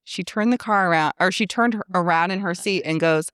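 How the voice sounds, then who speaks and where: A woman in her thirties, working as a money coach, hosts a casual podcast chat, laughing often and playing around with mock voices. Her voice is on the low side, brisk, smooth and a bit bright, in clean studio sound with no echo.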